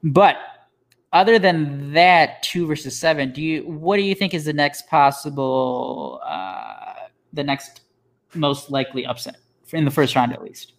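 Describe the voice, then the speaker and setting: A man's voice: a little high, unhurried. A man co-hosting a casual sports chat, asking questions and teasing, laughing easily. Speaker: sports podcast co-host.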